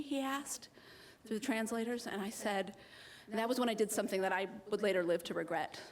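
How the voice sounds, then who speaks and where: A young woman from the United States rattles through a personal story at a live slam, briskly and with hardly any pauses. Her medium-pitched delivery is animated and self-mocking as she voices the people she met, over a little hiss or hum.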